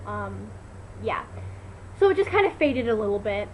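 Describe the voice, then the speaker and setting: A teenage girl vlogging at home into her laptop, telling a story in an animated, chatty way full of "like" and fillers. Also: mid-range voice, moderate pace, dull audio, slight background noise. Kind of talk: casual chat to camera. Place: at home, indoors.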